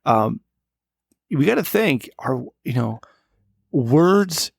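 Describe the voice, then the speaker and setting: Gravelly tipsy man in his thirties. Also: medium pitch, very animated, slow, dry recording, studio quality. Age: 30s. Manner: rambling, profane, tipsy. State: slightly drunk. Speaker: podcast co-host. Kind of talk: casual podcast chat. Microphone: studio microphone.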